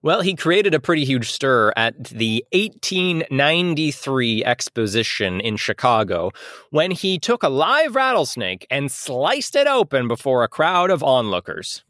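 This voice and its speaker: A man's voice: medium pitch, big pitch swings, a little slow, bright, forceful tone, dry recording, clean studio sound. A man co-hosting a comedy podcast in casual chat, laughing often and joking as he explains. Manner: laughs often, jokey, puts on voices when reading quotes. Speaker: podcast co-host.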